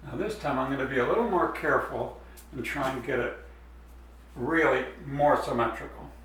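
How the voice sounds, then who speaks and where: A man's voice: mid-range voice, moderate pace, a bit bright, heavy reverb, recorded from a distance, slight background noise, low-quality recording. A man explaining step by step as he draws a design in a drawing demonstration. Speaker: art teacher.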